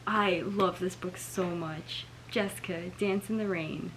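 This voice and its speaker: A woman's voice: on the low side, steady tone, a little slow, a bit bright, a little hiss or hum, poor audio. Dismayed young woman unboxing books. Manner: dismayed, lots of "like" and "oh my gosh". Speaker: book vlogger. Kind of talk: casual unboxing chat.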